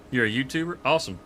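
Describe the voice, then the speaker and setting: A man with a Southern Georgia accent, hosting a farming game live stream in a relaxed, rambling way with chuckles. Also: mid-range voice, slight background noise. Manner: laid-back, chuckling, rambling with fillers. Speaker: streamer host. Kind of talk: casual live-stream gaming chat.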